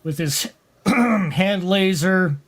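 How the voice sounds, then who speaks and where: A man narrates a tabletop game as its game master, his voice sitting a little high for a man. He takes his time, drawing out descriptions and throwing in sound effects. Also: expressive, a bit bright. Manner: unhurried, adds sound effects.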